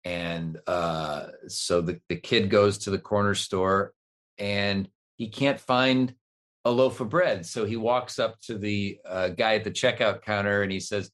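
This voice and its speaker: A man guest telling a long joke in a casual, animated way, laughing often. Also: fairly low pitch, a little slow.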